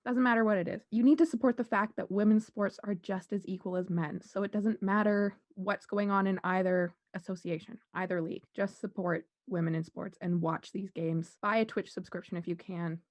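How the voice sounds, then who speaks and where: A woman co-hosting a casual sports podcast, earnest and animated as she urges listeners on. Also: mid-range voice, a little fast, few pauses, no room sound. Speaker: podcast co-host.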